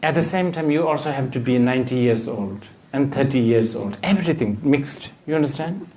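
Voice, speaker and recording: A man with a Bhutanese accent giving a Buddhist dharma teaching, with halting, hesitant phrasing and many fillers. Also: medium pitch, a little mellow.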